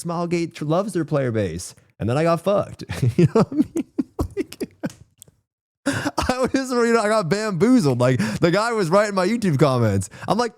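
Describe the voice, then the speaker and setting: A man's voice: medium pitch, darkish tone, dry recording, studio quality. A man game streamer chatting casually with his viewers in rambling, profane slang. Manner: rambling, profane slang, says bro a lot.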